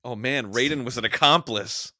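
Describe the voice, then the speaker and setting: A man's voice: medium pitch, moderate pace, pushed and bright, dry recording, clean studio sound. A man co-hosting a casual podcast, laughing often and joking along. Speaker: podcast co-host. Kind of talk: casual chat.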